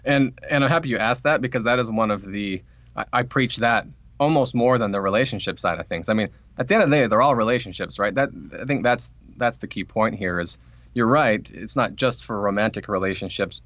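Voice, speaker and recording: A man's voice: on the low side, no echo, dull audio. A man, an author guest on a podcast, telling a workplace story in a casual interview and acting out what people said. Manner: fast, animated storytelling with acted-out quotes.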